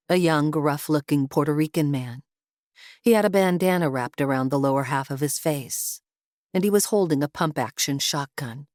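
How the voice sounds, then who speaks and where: A woman with a low voice narrates a thriller audiobook, telling the scripted story in a steady, measured manner. The recording is dry with clean studio sound.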